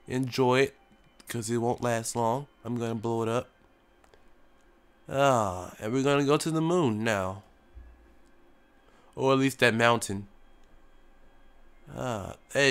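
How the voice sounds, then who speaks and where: A man's voice: medium pitch, slow pace, long pauses, fairly bright tone, smooth. A young man, sick with a cough, giving casual joking commentary while playing a flight game as a mock tour pilot. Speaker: gaming YouTuber.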